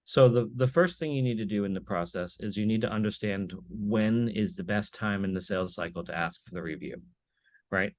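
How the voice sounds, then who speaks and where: A man's voice: lowish voice, brisk, no echo. Emphatic man telling business stories. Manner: energetic, emphatic storytelling with repeated "right?" tags. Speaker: podcast guest, business speaker. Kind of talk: podcast interview.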